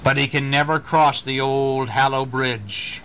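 A man voicing a boastful young man in a bedtime story who warns in a slow, ominous way. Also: mid-range voice, fairly even intonation, a bit bright, a little hiss or hum, close to an everyday voice, rough recording.

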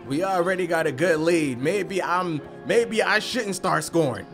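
A man giving excited gameplay commentary, hyping plays and often shouting. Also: fairly high pitch, unhurried, vocal fry, faint music behind. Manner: hypes plays with frequent shouting. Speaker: gaming video creator.

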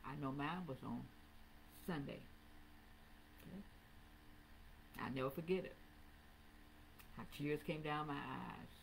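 Woman pastor, slow sermon delivery with repeated swelling calls, lowish voice, faint noise behind. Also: vocal fry, rough recording. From Southern United States. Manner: preaching with swelling, sing-song emphasis and repetition. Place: church sanctuary, also streamed online.

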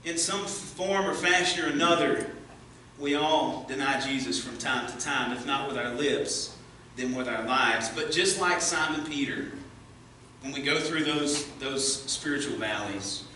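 A man preaching a sermon as pastor, earnest, rising as he reads scripture and hushed in prayer, recorded in a church sanctuary. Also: mid-range voice, unhurried, recorded from a distance, slight background noise. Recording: echoey church from afar.

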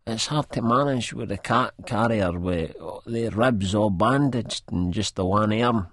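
Man putting on a high, muffled, meek Scottish lad, audiobook. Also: measured pace, a bit bright, slight background noise. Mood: eager, plaintive. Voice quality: small, muffled voice. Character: meek battered Scottish man, eager and hopeful.

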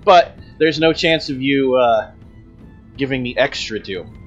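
A man running a tabletop role-playing game as game master, briskly explaining rules and teasing the players. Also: medium pitch, muffled recording, faint music behind.

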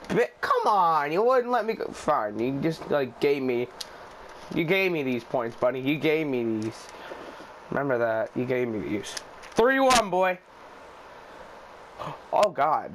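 A young man commentating his own basketball video game play, swearing a lot, shouting when shots go in and muttering low between them. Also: big pitch swings, unhurried, pauses often, slight background noise. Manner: loud, profane, hyped shouting at plays, then low muttering. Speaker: gaming YouTuber. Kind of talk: excited gameplay commentary.

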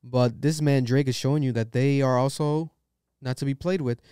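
Brief: young male podcast host, opinionated rambling rants, smooth clear voice, dry close sound. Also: medium pitch, fairly even intonation, normal speed, warm tone, no echo. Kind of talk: casual podcast chat.

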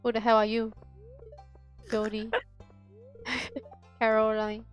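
A woman's voice: on the high side, completely flat delivery, slow, soft background music. A young woman streaming a farming game with a friend, chatting casually and giggling a lot, dropping in Chinese words now and then. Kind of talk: casual gaming chat.

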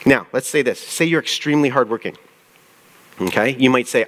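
A man's voice: medium pitch, brisk, a bit bright. Man preaching with questions to his audience. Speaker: pastor. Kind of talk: sermon.

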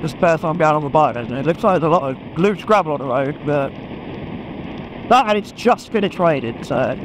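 A man chatting excitedly to a helmet camera while riding a motorbike, laughing often. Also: fairly high pitch, background noise. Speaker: motorcycle vlogger. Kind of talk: casual chat while riding. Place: on a motorbike on open country roads. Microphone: helmet-mounted action camera.

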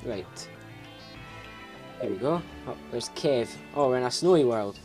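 A man's voice: medium pitch, animated, a little slow, darkish tone, soft background music. Rambling Scottish man, gameplay chatter. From Scotland. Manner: rambling and self-mocking, laughs often, swears freely. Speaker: let's play host. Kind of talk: casual gameplay commentary.

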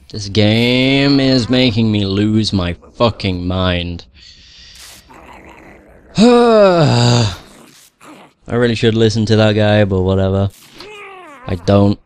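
A man's voice: lowish voice, lively intonation, takes it slowly, long pauses. A young man giving casual gameplay commentary, swearing a lot, grumbling at the game and laughing at himself. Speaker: gamer playing through a video game.

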